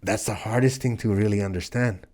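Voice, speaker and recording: A man in his forties with a lowish voice, from El Paso and Juárez, speaks earnestly as a guest in an interview. He tells stories in a casual way and does the voices of the people in them. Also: fairly quick, a little mellow. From El Paso, Texas and Juárez, Mexico. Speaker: professional wrestler guest.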